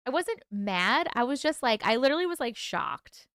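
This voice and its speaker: A woman's voice: high-pitched, very animated, moderate pace, fairly bright tone, smooth, no room sound, clean studio sound. A woman hosting a casual livestream, chatting with viewers, reading their comments aloud and laughing often. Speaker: livestream host and author.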